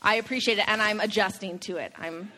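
Bright-voiced woman teasing from the stage. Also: medium pitch, fairly quick, long reverb tail, slight background noise, low-quality recording. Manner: chatty, teasing, laughs often. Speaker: church teaching leader. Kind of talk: sermon with light banter.

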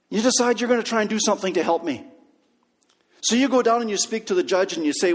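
A man preaching a sermon, telling a story and dropping to a hush on key lines. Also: high voice, lively intonation, fairly quick, long pauses, breathy edge. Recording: long hall reverb.

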